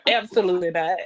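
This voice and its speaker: Podcast guest, woman around forty, lower voice, quick laughs, frank reactions. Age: 40s. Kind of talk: casual chat.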